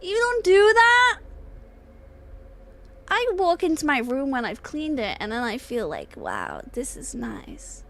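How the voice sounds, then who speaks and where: A young woman streams and chats casually with viewers, joking in a mock-dramatic way, laughing often and swearing now and then. Her high-pitched voice is animated and a bit bright, a little slow with long pauses.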